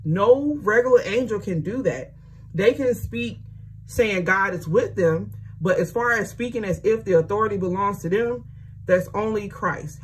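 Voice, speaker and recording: A woman's voice: mid-range voice, slight background noise. A woman casually reading scripture aloud and adding chatty commentary. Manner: chatty, conversational asides and fillers. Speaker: Bible reading host.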